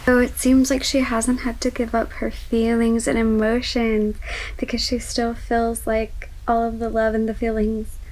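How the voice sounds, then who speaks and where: A woman with a fairly high voice talks slowly and unhurriedly as she reacts to a book. She gushes, exclaims often and now and then drops into a whisper, in a casual vlog chat. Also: a little mellow, low-quality recording. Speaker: book vlogger.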